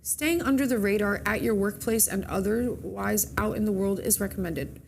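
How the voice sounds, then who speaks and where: A woman's voice: medium pitch, normal speed, vocal fry, a little mellow, slight background noise. A woman co-hosting a morning show, casually reading the horoscopes and chatting, stumbling and correcting herself as she goes. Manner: chatty, reads with slips and self-corrections.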